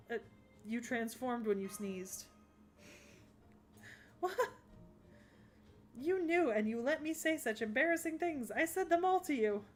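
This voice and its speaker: A woman voicing a haughty goddess who rules the underworld, grandiose and commanding but quickly flustered, in an English anime dub. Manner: grandiose and imperious, then flustered and shrill. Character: haughty goddess queen of the underworld, proud yet easily flustered.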